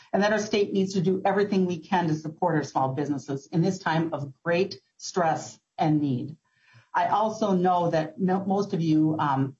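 Woman testifying at a hearing, lowish voice, earnest and measured, muffled audio. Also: a little mellow. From Minnesota. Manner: earnest, measured, occasional ums. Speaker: testifier, business owner. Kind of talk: formal public testimony.

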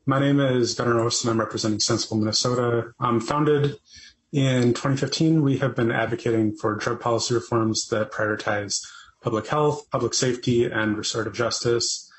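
A man representing an advocacy group delivers prepared testimony to lawmakers. He reads briskly and steadily, as if from notes, in a plain middle voice. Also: medium pitch, steady tone, a little hiss or hum, low-quality recording.

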